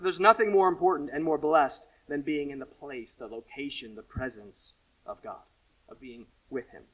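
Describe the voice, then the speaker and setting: A pastor giving a sermon, earnest, rising to emphatic questions and falling to quiet asides. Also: male voice, on the high side, distant mic, rough recording.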